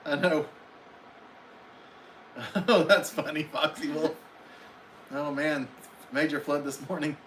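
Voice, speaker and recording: A man's voice: a little high, fairly even intonation, slow, long pauses, a bit bright, a little hiss or hum, rough recording. A man hosting a casual live stream from home, reading viewers' comments aloud and answering each one in a friendly, chatty way.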